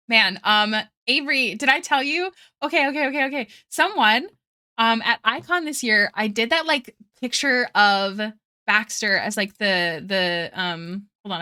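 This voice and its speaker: Young woman, art streamer, bright ringing voice, chatty, rambling, laughs a lot. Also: a little high. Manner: chatty and rambling, laughs often, reads chat aloud. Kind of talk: casual stream chat while drawing.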